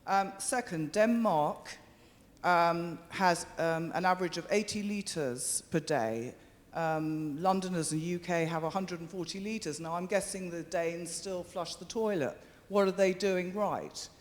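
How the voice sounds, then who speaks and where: A man giving an impassioned public statement to a committee, urgent and halting with fillers and restarts. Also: high voice, long reverb tail. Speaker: member of the public speaking to a committee. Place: large meeting chamber.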